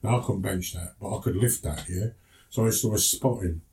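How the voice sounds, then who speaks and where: A man's voice: low-pitched, brisk, a little mellow, slight background noise. A man with a Cockney accent telling stories in a casual chat, often ending lines with "yeah?". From England. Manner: chatty, tag questions like "yeah?". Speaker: podcast guest. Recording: from a distance.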